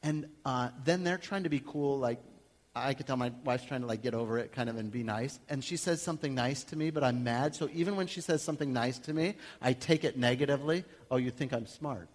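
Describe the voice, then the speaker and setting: A male pastor preaching a sermon in a conversational, animated way, acting out little everyday scenes. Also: medium pitch, fairly quick. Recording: long hall reverb.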